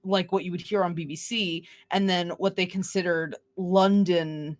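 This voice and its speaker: A woman's voice: lowish voice, fairly even intonation, moderate pace. Chatty, enthusiastic woman co-host. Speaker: podcast co-host. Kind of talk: casual chat.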